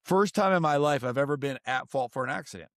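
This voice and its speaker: Middle-aged male coach, energetic instructive delivery, mid pitch, dry close mic. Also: fast, no echo. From United States. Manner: energetic, instructive, tells stories. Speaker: guest author and coach. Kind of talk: podcast interview, teaching.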